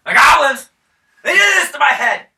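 A man's voice: very high-pitched, animated, moderate pace, bright, forceful tone, far from the mic, pitched above the performer's own voice, heavily acted. A man voicing a wounded, whimpering male peasant who moans as he tells a fearful story in a tabletop game. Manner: moaning, fearful.

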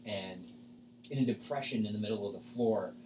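With a lowish, brisk voice, a man runs a tabletop game as its game master, narrating loosely and filling gaps with plenty of fillers. The recording is echoey and distant from the mic, with background noise.

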